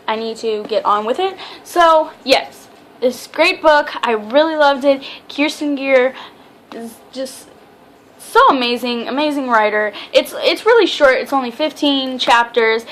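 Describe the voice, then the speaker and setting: A woman's voice: high-pitched, a bit bright. A young woman reviewing a book in a casual vlog, chatty and rambling, often stumbling over her words. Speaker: book vlogger.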